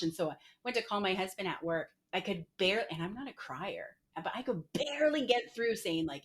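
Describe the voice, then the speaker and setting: A woman's voice: lowish voice, lively intonation, fairly quick. A middle-aged woman, a podcast guest, candidly telling a personal story with many "like" fillers. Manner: frequent "like" fillers, emotional retelling.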